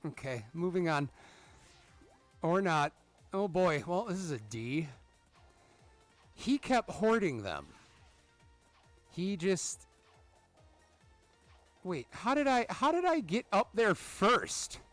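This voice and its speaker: A man's voice: high voice, big pitch swings, takes it slowly, pauses often, fairly bright tone, faint music behind. A man in his thirties hosting gameplay commentary, telling a parenting story in a profane, ranting way with exasperated reactions to the game. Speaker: gaming channel host.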